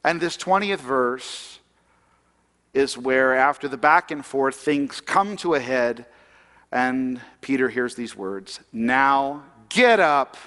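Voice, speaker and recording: A man's voice: mid-range voice, slow pace, a bit bright, in a large hall. A man preaching a sermon in a conversational way, asking the congregation questions. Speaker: pastor.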